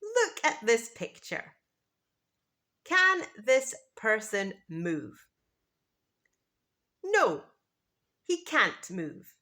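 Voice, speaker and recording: A woman teaching pronunciation, repeating each word slowly and clearly to contrast two versions. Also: fairly high pitch, sing-song, sharp tone. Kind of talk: slow, deliberate scripted teaching.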